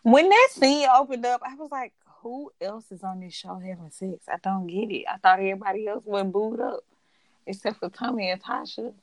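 Woman, expressive, agreeing, casual recap chat, dry close recording. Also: medium pitch, normal speed, no echo. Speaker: podcast co-host.

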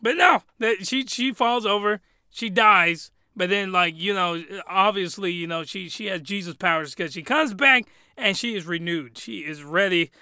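Male comedic reviewer: smooth, clear voice, bone-dry sound, rambling and exclamatory. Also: sits high, moderate pace, sharp tone, no echo. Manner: rambling, exclamatory, loose and colloquial. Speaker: anime reviewer.

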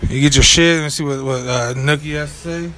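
A man's voice: a little high, fairly even intonation, a little fast, fairly bright tone. A young man telling a rambling story in casual chat, full of filler words and swearing. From California. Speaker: podcast co-host.

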